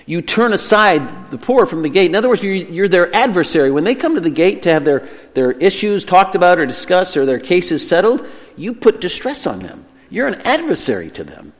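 Man, preacher, sermon, animated delivery, emphatic then hushed, long hall echo. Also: sits high, a little fast, faint music behind. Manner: lively, emphatic preaching that drops soft on key phrases.

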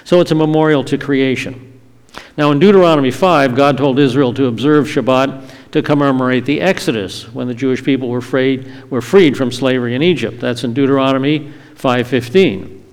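A man delivers an evening Bible teaching at a steady, explanatory pace, pausing to read passages aloud. His voice sits at an ordinary middle pitch. The sound rings with the long reverb of a large hall. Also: clear, resonant tone. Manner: measured, explanatory, quoting scripture. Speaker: Messianic teacher.

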